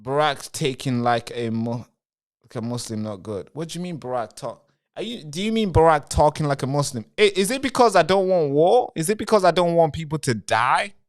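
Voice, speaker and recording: A man's voice: fairly high pitch, expressive, normal speed. Male live-streamer, rambling commentary straight to viewers, answers chat. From Britain.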